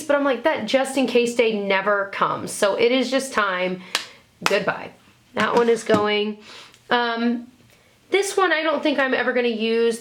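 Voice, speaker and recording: A young woman beauty vlogger chatting casually as she sorts through makeup, gushing and thinking out loud. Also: a little high, a little hiss or hum. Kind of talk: casual makeup declutter chat.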